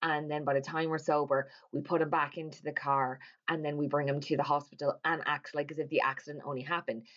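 A woman's voice: sits low, level tone, fairly quick, hardly any pauses, fairly bright tone, muffled recording. A woman casually recapping a horror film plot, chatty and swearing freely as she acts out the characters' lines. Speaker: movie recapper.

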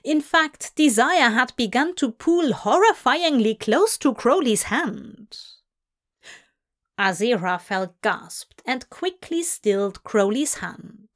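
A woman reading a story aloud in a soft, hushed voice that drifts into whispers. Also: fairly high pitch, lively intonation, takes it slowly. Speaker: audiobook reader. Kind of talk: narrating fan fiction aloud.

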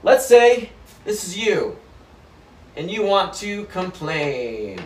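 Dude swearing his way thru a pep talk, kinda high voice, blunt, gets loud out of nowhere. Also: very animated, slow, a little hiss or hum. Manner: profane, blunt, swings into loud outbursts. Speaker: motivational vlogger. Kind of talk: unscripted motivational rant to camera. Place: indoors by a whiteboard. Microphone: camera framing him at a whiteboard.

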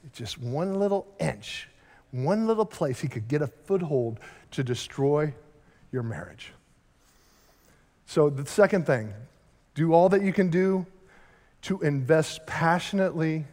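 Emphatic pastor with a high voice. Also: male voice, a little mellow. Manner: emphatic, acts out quoted voices. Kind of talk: sermon. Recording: long hall reverb.

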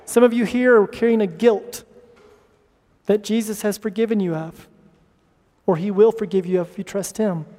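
Preaching with passion to his church, a pastor sometimes acts out pleading voices at prayer. His high voice has a steady, dark tone, a moderate pace, and frequent pauses, all heard in a reverberant hall.

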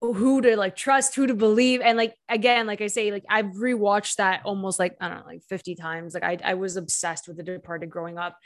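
A woman's voice: mid-range voice, steady tone, fairly quick, few pauses. A young woman chatting casually about movies on a video call, fond and rambling, filling her talk with "like". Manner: heavy use of "like", trailing off, gushing. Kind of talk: casual film chat.

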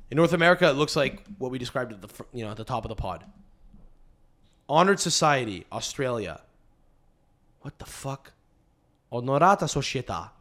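Rambling, swearing podcast host. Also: male voice, fairly high pitch, creaky, a bit bright. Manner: rambling, profane, restarts often. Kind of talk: casual podcast chat.

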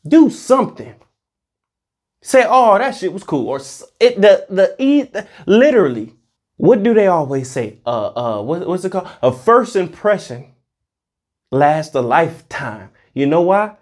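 Vlogger with a lively, swooping delivery, giving a heated, preachy and profane rant. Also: mid-range voice, measured pace. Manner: swings between loud outbursts and muttered asides. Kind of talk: ranting monologue to camera.

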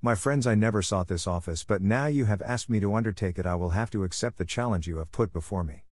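A man voicing a kindly, honorable older lord who speaks in a grave, measured way. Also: fairly low pitch, a little mellow, no echo, studio quality, lightly acted. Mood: solemn.

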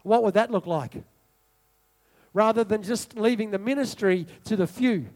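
Very high-voiced preacher. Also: male voice, moderate pace, a little mellow. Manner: repetitive rhetorical preaching, asks the congregation questions. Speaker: pastor. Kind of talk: sermon.

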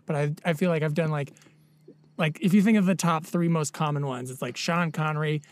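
A man chatting on a comedy podcast, soft-spoken and self-doubting, with frequent small laughs. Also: a little high, a little fast. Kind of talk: casual comedic chat.

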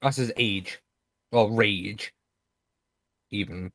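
A man's voice: lowish voice, drawn-out words, a bit bright. A young man with a British accent, chatting casually over online voice chat, mocking his friend and swearing freely.

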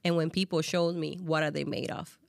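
A woman podcast host with a Cuban Spanish accent, talking in an expressive, heartfelt casual chat full of fillers. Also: low voice, brisk, vocal fry, no echo, studio quality. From Cuba.

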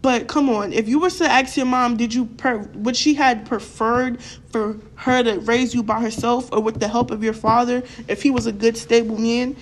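A woman's voice: fairly high pitch, fairly even intonation, moderate pace, hardly any pauses, a little hiss or hum. A young woman ranting to her viewers in a blunt, profane, fired-up way, often repeating words for emphasis. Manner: fired-up, addresses viewers directly. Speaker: vlogger. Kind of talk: casual opinion rant to camera.

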